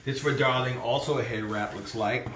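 A man's voice: mid-range voice, steady tone, normal speed, reverberant, far from the mic, crowd noise. A man co-hosting a family cooking vlog, joking and laughing as he opens a box from a fan. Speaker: cooking channel co-host. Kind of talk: casual family vlog chat.

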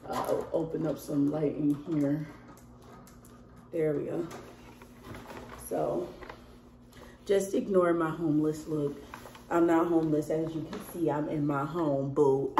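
A woman's voice: low voice, slow, pauses often, darkish tone, slight background noise. A young woman vlogging at home while sick and losing her voice, chatting and laughing with her viewers. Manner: chatty, laughs often, talks straight to viewers. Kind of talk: casual chat to camera. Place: at home indoors.

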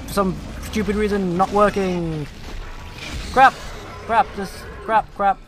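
A man's voice: high voice, slow pace, music in the background. A British man giving sarcastic, profane let's play commentary and taunting the enemies on screen.

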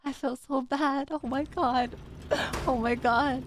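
A woman streamer playing a horror game live, panicking, yelling and swearing as she runs. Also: sits high, steady tone, a little slow, over loud music, poor audio.

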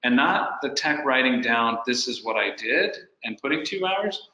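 A man's voice: medium pitch, expressive, normal speed, bright, forceful tone, reverberant, poor audio. A man co-hosting a business webinar, asking practical what-if questions from a shop owner's point of view. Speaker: webinar co-host.

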